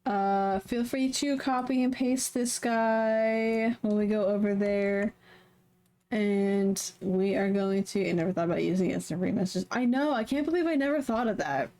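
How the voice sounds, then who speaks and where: A woman's voice: medium pitch, unhurried, dark tone. A woman streamer chatting casually, rambling and playful, poking fun at herself. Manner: rambling, playful, self-mocking.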